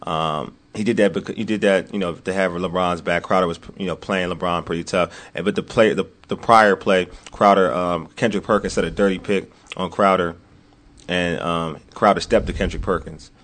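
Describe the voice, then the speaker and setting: Guy co-hosting a sports talk show, lowish voice, gets worked up and then mutters low asides. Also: normal speed. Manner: animated, repeats himself, drops into low muttering asides. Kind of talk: casual sports debate.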